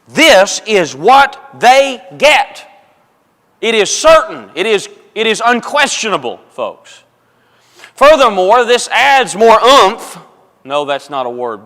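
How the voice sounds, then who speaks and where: The sermon comes from a man with a high, pushed, bright voice, delivered emphatically to his congregation in a church auditorium. Repeating phrases for stress, he calls them folks and brethren, and the church hall's reverb lingers long.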